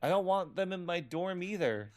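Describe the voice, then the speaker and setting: A man plays a young adult son itching to leave home, curt and defensive, his tone swinging lively up and down. The voice of a story game's restless teenager. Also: sits high, normal speed, voice pushed up. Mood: exasperated. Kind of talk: reading game dialogue aloud.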